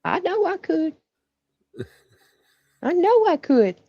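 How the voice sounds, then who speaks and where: A woman's voice: very high voice, big pitch swings, slow, no echo, dull audio. A woman with a Southern drawl, co-hosting a casual political chat show, blunt, profane and fired-up. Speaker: co-host.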